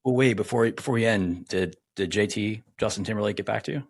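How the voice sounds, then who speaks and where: A man co-hosting a podcast, asking rambling, halting questions. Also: lowish voice, no echo, studio quality. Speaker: podcast co-host. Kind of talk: casual chat.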